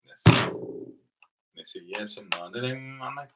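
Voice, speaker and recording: A man's voice: mid-range voice, lively intonation, slow, long pauses, pushed and bright, far from the mic, slight background noise, rough recording. A man telling loose rambling stories in a casual vlog, acting out the other people in his stories. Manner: loose rambling storytelling with quoted dialogue. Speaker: vlogger. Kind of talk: casual storytelling monologue. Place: living in Japan.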